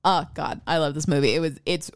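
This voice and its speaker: A woman's voice: deep voice, steady tone, brisk, smooth, no room sound, clean studio sound. A young woman co-hosting a casual film podcast, talking enthusiastically with many filler words. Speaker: podcast co-host.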